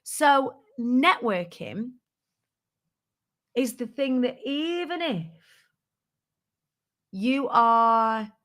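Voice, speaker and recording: A woman's voice: a little high, lively intonation, extremely slow, long pauses, fairly bright tone. A woman hosting a business tips show, giving a casual motivational talk to her viewers in a candid, playful way with some swearing.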